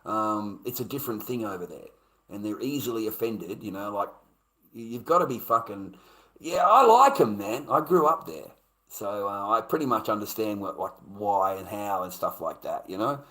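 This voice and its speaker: A man's voice: on the low side, animated, moderate pace, a bit bright, rough recording. An Australian man streaming, talking in a blunt, sweary, rambling way, laughing often and calling listeners mate. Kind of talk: casual ranting chat.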